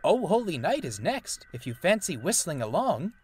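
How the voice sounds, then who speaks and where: A man's voice: on the high side, very animated, normal speed, slightly rough, voice pushed up. A man voicing an eager, friendly male steam engine with a chirpy manner.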